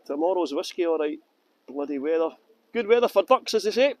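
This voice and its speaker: Chatty man, high voice. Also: expressive, a little fast, no echo, rough recording. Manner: chatty, jokey, breaks into song and silly voices. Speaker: tour guide. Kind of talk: live-streamed walking tour chat. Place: outdoors by a river in the rain.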